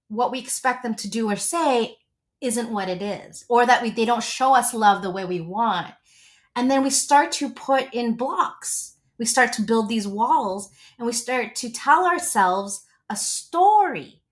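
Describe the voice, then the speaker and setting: A woman in her forties, a relationship coach, talking as an interview guest in a gushing, animated storytelling way. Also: a little high.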